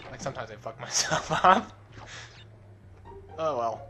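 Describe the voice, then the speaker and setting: Young man, casual gameplay commentary, rambling, self-mocking, mid-pitched voice, occasional swearing. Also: expressive, a little slow, over music. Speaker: let's play host.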